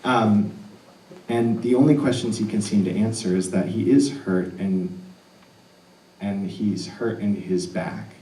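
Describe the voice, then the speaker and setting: A man telling a true personal story live on stage, earnest and animated with laughing asides. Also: on the low side, a little slow, slight background noise. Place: stage in an arts center hall. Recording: roomy hall audio picked up from a distance.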